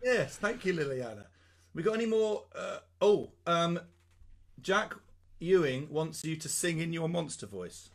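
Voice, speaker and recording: A man's voice: a little high, sing-song, unhurried. A man hosting a children's sing-along livestream, leading songs and telling jokes. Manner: leads singing, cheerful joking banter. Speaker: host.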